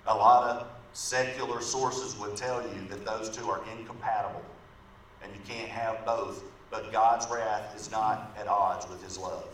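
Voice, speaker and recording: A preacher's lowish, somewhat bright voice echoes through a church sanctuary, captured from a distance over faint background noise. Telling a story to illustrate his sermon, he talks conversationally and often asks the congregation "right?".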